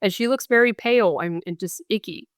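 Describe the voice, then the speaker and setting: A woman's voice: medium pitch, a little fast, no echo, studio quality. A young adult woman, a guest on a podcast interview, earnestly recounting events and quoting what people said. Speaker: guest, bereaved mother.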